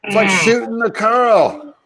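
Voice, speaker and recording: A man's voice: sits high, slow pace, fairly bright tone. A man co-hosting a live stream, joking and roasting the others in loose banter. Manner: teasing, roasting. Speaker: co-host.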